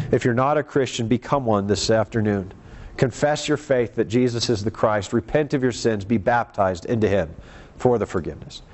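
A man preaching a sermon in a church, earnest and emphatic, climbing into urgent appeals and settling low at the ends of phrases. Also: a little mellow.

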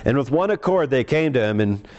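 A man preaching a sermon, reading scripture aloud and explaining it with lively rises and drops in his voice. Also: medium pitch, fairly quick, lo-fi sound.

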